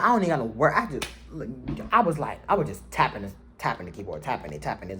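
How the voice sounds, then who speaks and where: A man casually telling a personal story to his viewers, slangy and animated, jumping to high yells when he quotes himself. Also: fast talker, few pauses. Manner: animated, slangy, swings to shrill yelling when quoting himself.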